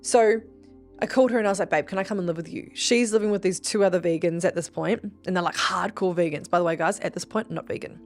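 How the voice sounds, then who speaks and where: Chatty, lowish-voiced Australian woman. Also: fast, soft background music. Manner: chatty, swears freely, acts out quoted voices. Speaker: podcast host. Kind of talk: casual storytelling monologue.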